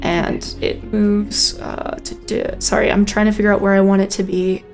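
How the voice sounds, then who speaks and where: A woman's voice: medium pitch, flat delivery, normal speed, music in the background. A woman narrating as game master, describing the action vividly with frequent ums and self-corrections.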